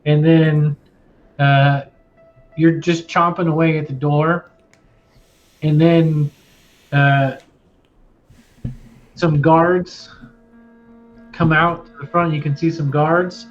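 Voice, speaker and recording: A man's voice: a little high, flat delivery, slow pace, pauses often. A man narrating a tabletop game as game master, talking in a loose, rambling way. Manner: loose and rambling, many fillers. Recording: lo-fi with faint music.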